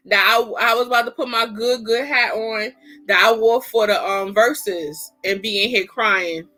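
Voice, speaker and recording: A middle-aged woman hosting a casual livestream, talking in an animated, chatty, slangy way. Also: on the high side. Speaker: livestream host. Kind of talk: casual chat.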